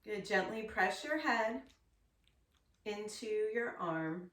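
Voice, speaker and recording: A woman teaching a yoga class, calmly and slowly cueing poses and breaths. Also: medium pitch, distant mic. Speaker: yoga instructor. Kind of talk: guided yoga class instruction. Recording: echoey room, voice set back from the mic.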